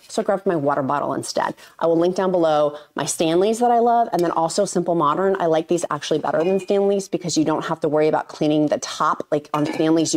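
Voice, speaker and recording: A woman with a low-pitched voice talks to her viewers in a casual vlog. She speaks candidly, drifting between tangents and restarting her sentences. She is recorded on a camera or phone microphone. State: tearful, getting emotional. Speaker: vlogger.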